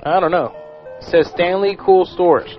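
A man hosting prank calls in a cheeky, goofy, deadpan way. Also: sits high, normal speed. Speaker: prank show host. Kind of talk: casual chat. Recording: dull lo-fi sound with music.

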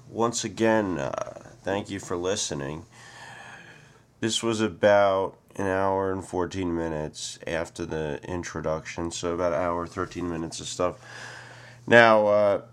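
Man, deep voice, offhand outro, relaxed, lots of uhs. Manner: offhand, relaxed, many fillers. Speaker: comedian hosting his own recording. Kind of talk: casual spoken outro.

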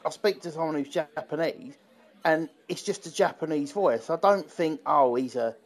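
A London man from England co-hosts a podcast, chatting casually and rambling with lots of fillers and restarts. His voice is on the high side and he talks at normal speed.

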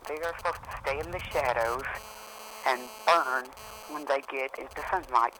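A man's voice: mid-range voice, moderate pace, background noise. A young man co-hosting a casual podcast chat, opinionated and fannish, arguing his points. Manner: opinionated, argues for book accuracy, fannish. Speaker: podcast co-host.

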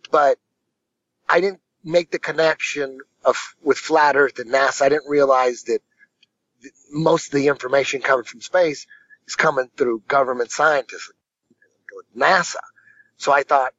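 A man's voice: mid-range voice, normal speed, a bit bright, dry recording, lo-fi sound. A man, a martial arts instructor, telling a long story as a guest on a casual podcast, rambling and profane with lots of restarts.

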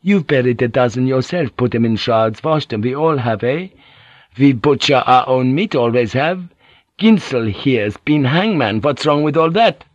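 A man's voice: medium pitch, lively intonation, normal speed, no room sound, lo-fi sound, natural voice. A man voicing a blunt, suspicious sailor who presses with questions. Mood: pressing.

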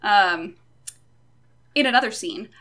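A woman's voice: mid-range voice, lively intonation, slow, bright, forceful tone. A woman co-hosting a podcast, recapping a book chapter in casual chat with wry, joking asides. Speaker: podcast co-host.

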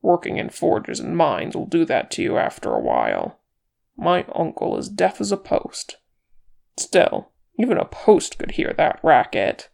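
A gruff, blunt dwarf warrior grumbles his way through a storybook reading, as a reader puts him on. The voice is heavily gravelly and fried, and the words come out slow and deliberate. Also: mid-range voice, huge pitch swings, darkish tone, exaggerated voice. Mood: grumbling. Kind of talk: audiobook character reading.

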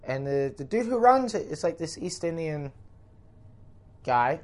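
A man's voice: on the high side, very animated, a little slow. A man with a Canadian accent, a comedian telling a rambling, profane road-trip story in casual podcast talk. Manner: rambling, profane, self-interrupting.

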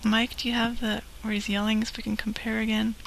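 A woman co-hosting a casual comedy show, tossing in dry, deadpan quips. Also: on the high side, a little fast, vocal fry, very noisy. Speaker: podcast co-host.

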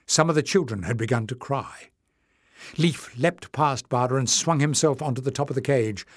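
A man narrating an audiobook in a measured, steady way. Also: medium pitch, dry recording, clean studio sound. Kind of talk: scripted narration.

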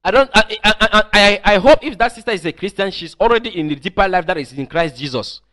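A man's voice: high voice, lively intonation, fast, pushed and bright. A man preaching an online teaching sermon, emphatic and often repeating or restarting his phrases.

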